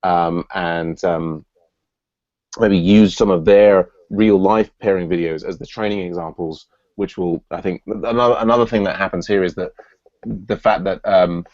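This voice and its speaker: Low-voiced man hosting a video meeting. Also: steady tone, moderate pace, a little mellow, no room sound, lo-fi sound. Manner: thinks aloud with many restarts and fillers. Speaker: meeting host. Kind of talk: online work meeting. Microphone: video call.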